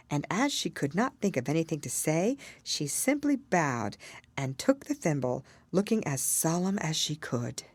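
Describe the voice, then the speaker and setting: A woman reading a classic children's story aloud as narrator, expressive and measured. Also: sits low, dry recording. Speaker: audiobook narrator.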